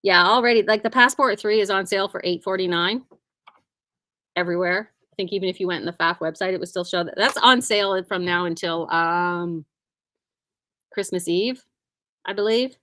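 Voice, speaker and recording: A woman's voice: fairly low pitch, normal speed, sharp tone, no echo. A woman who owns a quilting shop, chatting casually and cheerfully about sales in her store, often humming and saying "like". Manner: chatty and upbeat, hums and says "like" often.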